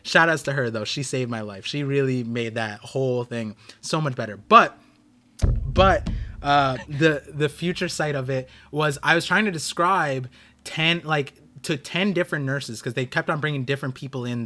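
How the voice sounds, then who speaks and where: A man's voice: mid-range voice, moderate pace, bright, forceful tone. A man hosting a live stream, telling a rambling story in casual chat with many restarts. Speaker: streamer host.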